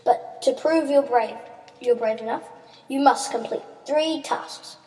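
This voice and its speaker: A woman reading aloud, voicing a commanding male king of the gods who yells his orders. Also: a little slow. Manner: yelled, booming commands. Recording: echoey reverberant room.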